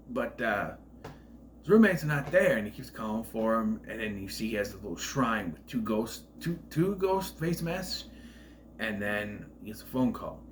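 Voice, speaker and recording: A man giving a casual spoiler review of a film, retelling scenes in an animated, profane way. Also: on the low side, a little hiss or hum.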